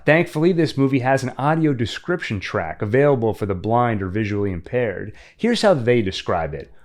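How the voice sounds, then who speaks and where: A man narrating a scripted horror movie recap, dry and wry, dropping sarcastic asides. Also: medium pitch. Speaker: horror film reviewer.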